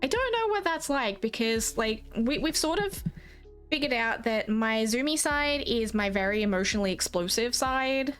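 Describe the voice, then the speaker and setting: A woman's voice: on the high side, lively intonation, moderate pace, fairly bright tone, clear, resonant tone, faint music behind. A young Australian woman streaming a game, chatting casually and rambling, swearing freely and quoting herself and others. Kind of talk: casual chat while gaming.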